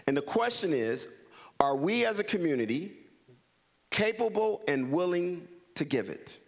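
A man's voice: high voice, sing-song, measured pace, vocal fry. A middle-aged man from Los Angeles, a guest speaker giving an interactive talk to a community audience, leading them in call-and-response and repeating his prompts.

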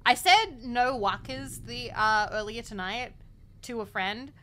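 A woman's voice: a little high, takes it slowly, sharp tone. A young Australian woman streaming a game, chatting casually and rambling with lots of giggles. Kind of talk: casual gameplay chat.

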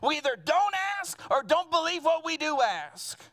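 A man's voice: extremely high pitch, very animated, normal speed, sharp tone. A man preaching a sermon as pastor to his church congregation, earnest and at times building to emphatic fervor. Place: church sanctuary.

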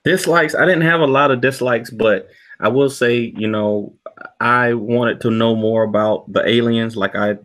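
A man giving a casual movie review, rambling with lots of "you know" fillers. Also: on the low side. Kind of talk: casual podcast review chat.

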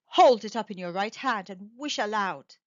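A woman voicing a solemn old male soldier who speaks gruffly and gravely. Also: medium pitch, animated, moderate pace, no echo, lightly acted. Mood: warning. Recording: dull dry recording.

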